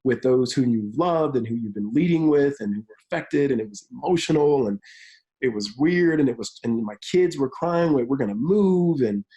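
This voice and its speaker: A man in his thirties, a football coach and pastor, telling his story in an energetic interview, speeding up in quick bursts. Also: medium pitch, lo-fi sound. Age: 30s. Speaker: college football analyst and pastor. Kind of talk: remote interview.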